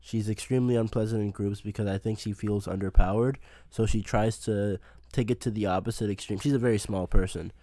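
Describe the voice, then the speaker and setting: A man's voice: fairly low pitch, steady tone, fairly quick, warm tone, no echo. A man co-hosting a podcast, telling a story in casual chat and swearing often. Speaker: podcast co-host.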